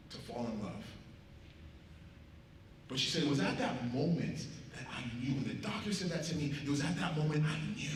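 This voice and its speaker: A man tells stories at a school assembly and acts out each voice in them. His voice sits a little high for a man. The recording is heavily echoey, picked up from far across a big hall. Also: a little hiss or hum. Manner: animated storyteller, acting out quotes with big swings in loudness. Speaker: motivational speaker at a school assembly. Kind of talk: storytelling speech to students.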